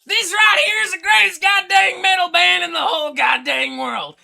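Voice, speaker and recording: A man voicing a loud, brash, macho thrash-metal fanatic who yells every line. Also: very high voice, steady tone, moderate pace, pitched above the performer's own voice, heavily acted. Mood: hyped. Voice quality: bellowing, yelling, gruff bravado.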